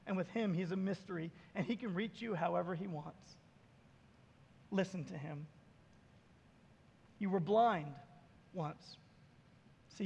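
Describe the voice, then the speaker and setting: A male pastor with a high voice and vocal fry preaches a sermon in a church sanctuary, the recording echoing through the reverberant hall. He tells stories animatedly, acting out the voices of the people in them.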